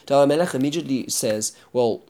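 A man's voice: medium pitch, fast, warm tone. A man teaching a Bible chapter, retelling the story earnestly and explaining it.

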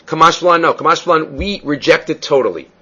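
A man's voice: fairly high pitch, fairly quick, bright, forceful tone, husky, lo-fi sound. A man giving a Talmud class, reading Hebrew and Aramaic phrases and explaining them step by step. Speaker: Talmud teacher.

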